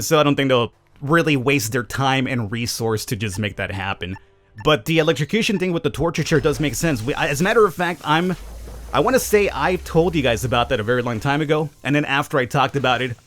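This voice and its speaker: A man's voice: mid-range voice, a bit bright, no room sound. A man hosting a gaming channel, answering viewer questions in casual, chatty commentary with opinionated, wry asides. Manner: chatty, opinionated, self-aware cynical asides.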